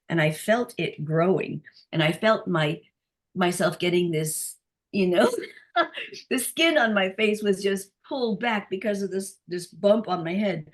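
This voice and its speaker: A middle-aged woman, a healing practitioner, telling personal stories in a casual group chat, animated and laughing often, with many restarts. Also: lowish voice.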